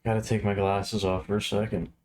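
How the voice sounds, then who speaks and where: A man's voice: fairly low pitch, level tone, brisk, a little mellow. Casual male streamer chatting while drawing.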